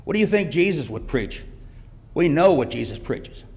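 A middle-aged man speaking from the heart at a church service, with evident emotion. His voice is gravelly and a little higher than usual for a man. It rings with the long reverb of a church hall. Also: very animated, moderate pace, darkish tone. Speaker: church guest speaker, father. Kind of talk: personal testimony.

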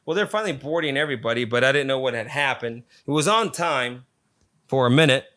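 A man's voice: medium pitch, lively intonation, fast talker, a bit bright. A man casually telling a story, swearing constantly and retelling it with energy.

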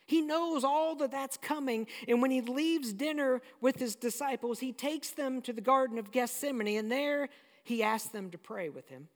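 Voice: high voice, moderate pace. Storytelling preacher in a reverberant hall. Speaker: pastor. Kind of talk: sermon.

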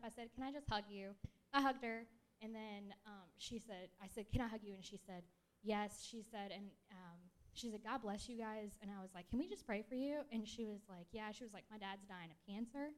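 A shy, self-described introverted woman telling a rambling story at a church gathering, with many fillers and restarts, into a handheld mic. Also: mid-range voice. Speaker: church member sharing a testimony. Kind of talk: casual spoken testimony.

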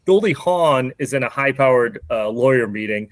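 A man's voice: medium pitch, expressive, moderate pace, dry recording. A man hosting a podcast, casually recapping a movie plot with lots of fillers and restarts. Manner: rambling, many fillers and restarts. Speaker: podcast host.

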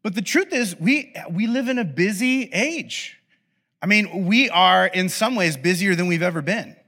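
A man's voice: high-pitched, animated, a little slow, bright, forceful tone. A man preaching a sermon, telling a story with playful acted-out asides. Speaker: pastor. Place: church podcast recording.

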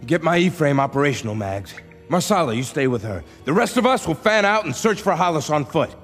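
A stern commander giving orders. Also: male voice, fairly high pitch, sing-song, a little fast, fairly bright tone. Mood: commanding. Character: stern male commander leading a search. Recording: long reverb with music behind.

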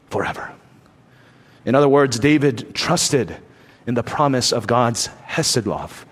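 A man preaching a sermon emphatically, letting his voice rise and fall for emphasis. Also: fairly high pitch. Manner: emphatic preaching, rising and dropping for effect. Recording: long reverb from a large hall.

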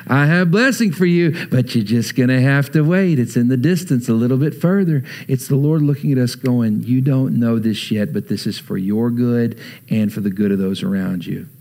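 A man in his thirties preaching a sermon, talking to the congregation like a friend, shifting between loud urging and quiet, heavy stretches. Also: mid-range voice. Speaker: pastor.

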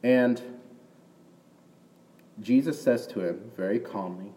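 A man preaching a sermon in a conversational way, often checking in with the audience with a quick "right?". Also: fairly low pitch, warm tone, slight background noise. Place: church hall with an audience. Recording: distant mic in a reverberant hall.

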